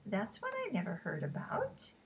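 A woman voicing a curious young woman who is quick to protest. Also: medium pitch, wildly swooping pitch, distant mic, a little hiss or hum.

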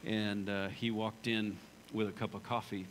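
A man's voice: fairly low pitch, little pitch movement, normal speed, a little hiss or hum, low-quality recording. A male pastor preaching a sermon in a church sanctuary, talking in a conversational, storytelling way and repeating phrases for emphasis.

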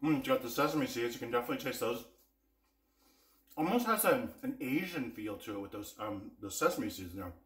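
A man's voice: mid-range voice, big pitch swings, fairly quick, fairly bright tone, reverberant. A man hosting a casual cooking vlog, chatting with viewers and tasting spice blends with eager enthusiasm. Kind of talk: casual taste-test vlog.

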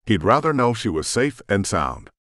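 A man's voice: lowish voice, sing-song, normal speed, a bit bright, no echo, studio quality. A man narrating a paranormal romance audiobook, telling the story expressively.

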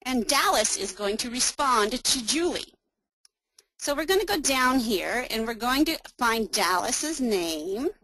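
A woman's voice: a little high, lively intonation, measured pace, pushed and bright, dry recording, poor audio. Upbeat woman presenting a webinar demo. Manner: upbeat, explaining step by step. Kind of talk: software demo walkthrough.

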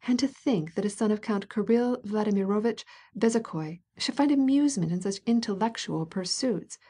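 A woman's voice: medium pitch, moderate pace, mellow, slightly rough, lightly acted. A woman reader voicing a gossiping society lady who talks in scandalized, sarcastic exclamations. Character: gossiping indignant society lady, middle-aged.

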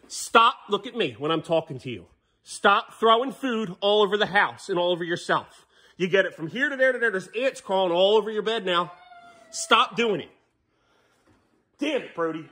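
A man's voice: high voice, lively intonation, normal speed, pushed and bright. A man in a casual vlog, scolding in an exasperated way and repeating the same stern words over and over. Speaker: vlogger.

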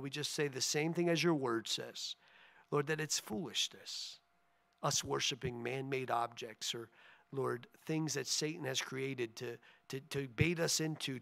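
A man with a gravelly, fry-edged voice leads a casual church gathering as its pastor. His talk wanders in a homely way, full of asides. When he prays, he is earnest and keeps coming back to "Lord" at a mid-range pitch. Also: fairly bright tone. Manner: folksy and rambling, many "you know" asides; earnest prayer with repeated "Lord". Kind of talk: informal sermon closing in prayer.

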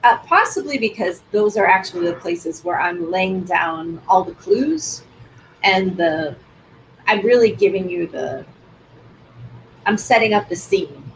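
A woman's voice: fairly low pitch, animated, unhurried, slight background noise, low-quality recording. A woman author answering interview questions in a thoughtful, explanatory way. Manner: thoughtful, explains at length with some restarts. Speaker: author guest.

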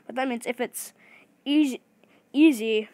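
A woman giving excited gameplay commentary, talking fast and restarting her sentences often. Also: fairly high pitch, no room sound. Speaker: gaming video creator.

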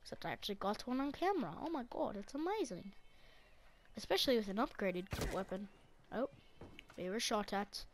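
A woman hosting a gaming channel, giving excitable running commentary to herself and her teammates as she plays. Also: mid-range voice, fairly quick, a little hiss or hum. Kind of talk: live gameplay commentary.

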